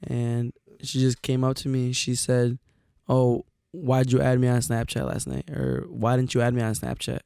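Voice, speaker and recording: A young man with a gravelly, creaky voice who tells stories on a podcast, loose and profane, acting out everyone's lines. His pitch sits in the middle range. The sound is dry and close. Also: normal speed, no echo. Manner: animated, profane storyteller acting out quotes. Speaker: podcast co-host. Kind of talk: casual storytelling chat.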